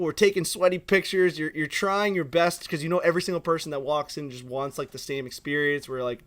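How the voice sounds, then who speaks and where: A young man co-hosting a podcast, telling stories in an animated, profane way that gets loud when he is worked up. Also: on the high side. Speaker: podcast co-host. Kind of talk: casual podcast chat.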